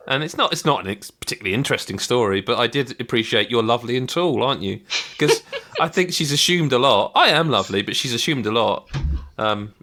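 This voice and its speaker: Lively man telling stories. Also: mid-range voice. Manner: animated storyteller, laughs often. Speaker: podcast host. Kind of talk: casual chat.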